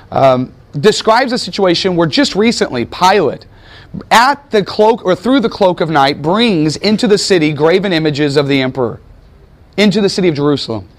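A man gives a classroom lecture in a somewhat high voice. He tells events like a story, acts out quotes and tosses questions to the room. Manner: animated storytelling with questions to students. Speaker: teacher.

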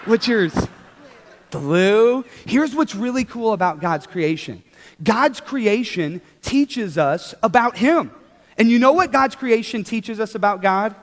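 A young man leading a children's church talk, upbeat and animated, coaxing the kids to join in. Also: sits high, measured pace. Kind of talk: children's sermon. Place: large church hall with children. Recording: hall reverb.

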